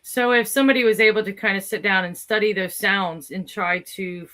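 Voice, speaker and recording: A woman co-hosting an interview, asking curious, halting questions with pauses and fillers. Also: mid-range voice, fairly even intonation, bright, forceful tone.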